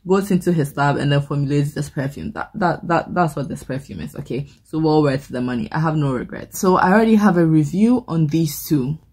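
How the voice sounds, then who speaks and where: A woman's voice: low-pitched, brisk, few pauses, darkish tone, slightly rough. A woman reviewing perfumes in a casual, chatty vlog, rambling into playful movie comparisons and often repeating words as she restarts. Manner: frequent word repeats and restarts.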